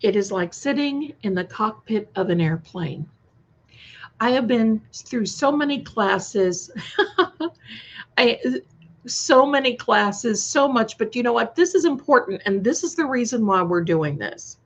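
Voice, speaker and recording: A woman's voice: on the high side, lively intonation, measured pace. A woman chatting casually on a live stream, reacting to viewer comments with many restarts. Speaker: co-host of a live stream premiere chat. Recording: slightly dull lo-fi sound.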